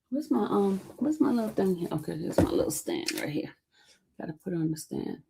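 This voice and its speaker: A woman's voice: mid-range voice, lively intonation, a little fast, vocal fry, dark tone, husky. A woman hosting a casual live stream, teasing her chat and laughing often. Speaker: livestream host.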